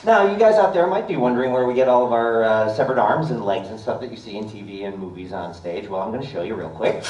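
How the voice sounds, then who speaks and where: A man running a live stage show, joking and ad-libbing at the crowd in a lively, bouncing voice. He is heard from the seats through a camera, far from the stage. The theater's echo fills every line. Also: lowish voice, fast talker, highs cut off. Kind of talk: live comedic stage demonstration. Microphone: audience camera from afar. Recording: echoey theater recorded from the audience.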